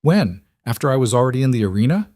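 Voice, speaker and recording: A man's voice: lowish voice, big pitch swings, moderate pace, dry recording, clean studio sound. A man voicing a young human woman, a former servant, who answers in a guarded, wry way. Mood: alarmed.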